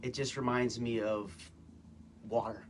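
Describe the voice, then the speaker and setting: A man casually reviewing products on a phone livestream, talking in a relaxed, hesitant way with many "um"s and "again"s. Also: medium pitch, unhurried, a little hiss or hum. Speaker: guest co-presenter, husband. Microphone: phone, live stream.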